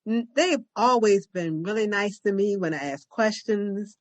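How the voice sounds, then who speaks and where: An older woman, a podcast co-host, chatting casually and telling a long, lively story. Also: medium pitch, a little slow, dry recording. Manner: chatty storyteller who acts out other people's lines. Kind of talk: casual chat.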